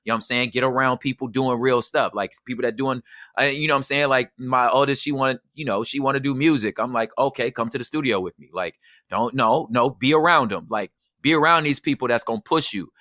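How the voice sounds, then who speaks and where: Bright-voiced, emphatic male podcast guest. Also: medium pitch, a little fast, no echo, studio quality. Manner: emphatic, slangy, peppered with "you know what I'm saying". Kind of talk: casual conversation.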